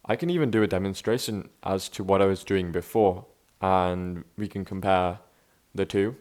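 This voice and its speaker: Here a young vlogger delivers an unscripted, casual monologue at a moderate pace. His voice sits slightly low, and he comes across as relaxed and introspective, rambling loosely with many restarts and lots of "bro" and "man."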